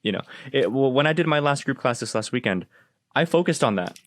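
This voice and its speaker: A man hosting a casual podcast, telling dog-training stories in an animated, profane way and acting out the exchanges. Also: medium pitch, brisk, dry recording.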